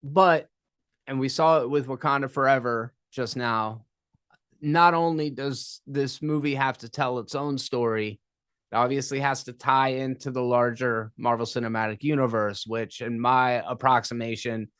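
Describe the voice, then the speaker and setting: Male co-host, analytical and measured, smooth clear voice, dry close mic. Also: mid-range voice, fairly even intonation, fairly bright tone, no room sound. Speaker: podcast co-host. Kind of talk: casual podcast chat.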